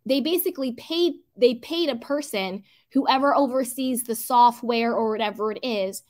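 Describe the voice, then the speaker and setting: A chatty woman with a high, bright voice runs a casual livestream. She greets viewers one by one with pet names and reads their comments aloud. She mixes in her own blunt, opinionated commentary. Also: normal speed. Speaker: livestream host reading chat comments.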